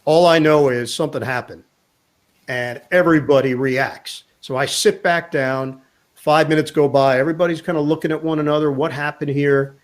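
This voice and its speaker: A man with a slightly raised pitch tells a story in a chatty interview. He keeps it lively, slipping into the voices of the people he quotes. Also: moderate pace. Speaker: sportscaster guest. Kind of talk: storytelling anecdote in a chat.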